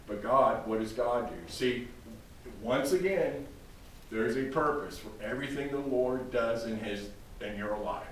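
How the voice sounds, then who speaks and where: A man preaching a sermon, speaking emphatically and addressing his congregation directly by name. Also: medium pitch. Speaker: pastor. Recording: very echoey room, distant mic, faint noise.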